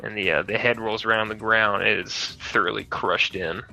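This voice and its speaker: A man running a tabletop mech game as game master, casual and quick to laugh and swear. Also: fairly low pitch, steady tone, vocal fry, sharp tone, soft background music, low-quality recording.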